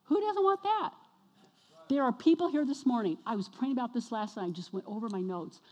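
A woman preaching a sermon to her congregation, energetic and exhorting, often questioning the listeners. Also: a little high, brisk, muffled recording. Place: church sanctuary. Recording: long reverb of a church hall.

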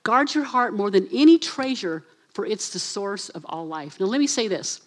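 Woman preacher, lively delivery that dramatizes scenes with small character voices, mid-pitched. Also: moderate pace. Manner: animated, acts out voices, addresses assistant for slides. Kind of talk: lively sermon.

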